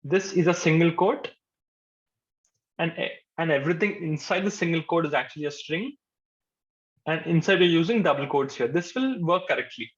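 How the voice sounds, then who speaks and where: A man's voice: fairly high pitch, animated, normal speed. A male programming instructor, giving a live coding lecture to a class. He repeats his points patiently and says "okay" often. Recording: dull lo-fi sound.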